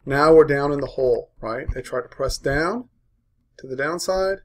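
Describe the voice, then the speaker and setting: A man's voice: fairly high pitch, moderate pace. A man coaching a live trading room, walking through a chart in short punchy phrases and checking in with "right?" after each point. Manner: walks through a chart aloud.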